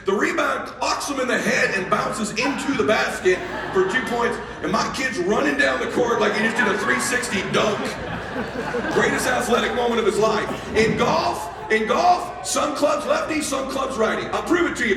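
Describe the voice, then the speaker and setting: A middle-aged man giving a motivational talk, telling a story with animation and acting out the dialogue. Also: very high-pitched. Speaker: motivational speaker. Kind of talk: motivational speech to an audience. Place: large hall with audience laughing. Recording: echoey hall, voice from far off.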